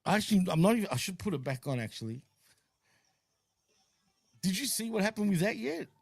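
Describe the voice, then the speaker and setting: A man's voice: high-pitched, big pitch swings, brisk, gravelly, slightly rough, no echo. Laid-back swearing man on a stream. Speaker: host. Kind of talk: casual chat on a wrestling watch-along stream.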